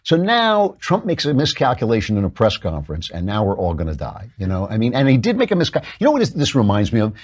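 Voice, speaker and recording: A man's voice: medium pitch, wildly swooping pitch, fast, hardly any pauses. A man hosting a show, giving a sarcastic, mocking political commentary monologue. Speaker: show host.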